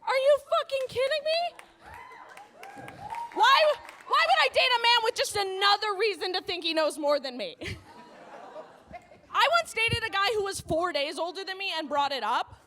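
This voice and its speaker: Very high, bright-voiced brash woman comic. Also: very animated, moderate pace, some chatter behind. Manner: brash, profane, laughing at her own jokes. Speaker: stand-up comedian. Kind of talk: stand-up comedy set. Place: comedy club stage.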